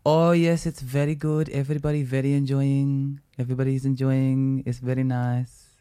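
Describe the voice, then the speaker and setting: A man's voice: medium pitch, level tone, normal speed, dark tone, clear, resonant tone, voice pushed up, natural voice. A man voicing a cheerful, polite clubgoer abroad, speaking in a sing-song, stretched way. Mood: chirpy.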